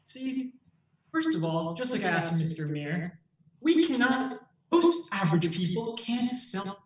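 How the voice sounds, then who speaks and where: A man's voice: sits high, very animated, measured pace. A man doing improv comedy as a mock lawyer, making a theatrical, persuasive closing argument. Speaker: improv performer arguing for muffins. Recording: echoey room, far from mic.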